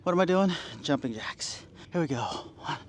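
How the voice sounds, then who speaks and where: Forties male vlogger, winded from exercise, self-mocking pep talk, voice on the higher side. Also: expressive, moderate pace, poor audio. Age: 40s. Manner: self-deprecating, encouraging himself, sighs and laughs between sets. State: out of breath. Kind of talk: workout vlog talking to camera. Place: outdoors at a beach.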